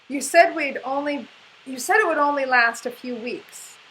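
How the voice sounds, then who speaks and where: A woman's voice: high-pitched, fairly bright tone, slight background noise, rough recording. A woman in her forties, co-hosting a casual video and reading aloud from her old journal, earnest but often breaking into laughter. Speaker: co-host sharing her spiritual journey.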